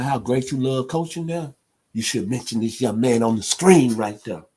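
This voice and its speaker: Husky-voiced sports radio host. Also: male voice, medium pitch, fairly quick. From Memphis, Tennessee. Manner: impassioned, emphatic, builds to loud peaks. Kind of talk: sports talk radio monologue.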